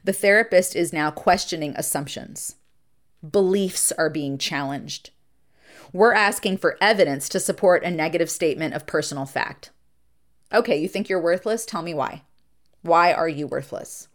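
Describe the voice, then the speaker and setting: Earnest, low-voiced woman therapist. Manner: earnest and emphatic, shifting between slow deliberate stresses and quick asides. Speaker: therapist and podcast host. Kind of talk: reflective podcast monologue.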